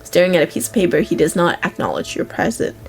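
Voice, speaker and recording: A woman's voice: on the low side, wildly swooping pitch, fast, creaky, soft background music. A young woman streaming a role-playing game, reading its text aloud with amused reactions.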